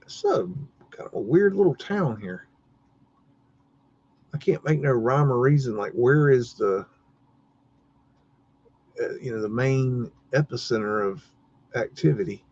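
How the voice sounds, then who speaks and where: Man, live-stream host, loose rambling chat, mid pitch, slightly muffled lo-fi audio. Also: animated, measured pace, pauses often, a little mellow, breathy edge. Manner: rambling, muttering, mildly cursing. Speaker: livestream host. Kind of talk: casual live-stream commentary.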